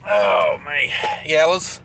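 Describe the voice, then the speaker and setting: A man's voice: a little high, very animated, slow pace. A man truck driver on a casual live-stream vlog, talking loosely into a phone as he walks outdoors at a cold storage yard and answers viewer chat with lots of fillers. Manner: loose, chatty, thinks aloud with many fillers. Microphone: phone held while walking. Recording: loud running refrigeration units and vehicle noise outdoors.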